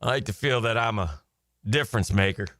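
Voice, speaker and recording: Man, radio co-host, animated storyteller, bright voice, dry studio sound. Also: on the low side, brisk, no room sound. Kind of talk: casual storytelling chat.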